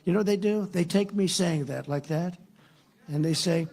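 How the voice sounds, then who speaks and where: A man's voice: high-pitched, normal speed. A man from the United States, a political candidate, giving a rambling, sarcastic campaign rally speech full of repetition. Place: live rally.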